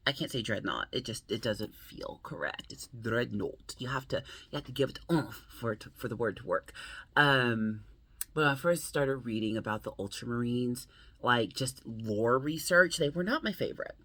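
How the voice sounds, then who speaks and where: A woman's voice: very deep voice, lively intonation, moderate pace, fairly bright tone, breathy edge, no room sound. An American woman hosting her book channel, chatting playfully and laughing often. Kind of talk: casual vlog chat.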